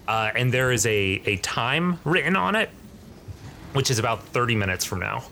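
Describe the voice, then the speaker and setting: Rambling game master with faint noise. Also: male voice, mid-range voice, big pitch swings, moderate pace, gravelly, pushed and bright. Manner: rambling, many fillers. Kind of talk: narrating a tabletop game.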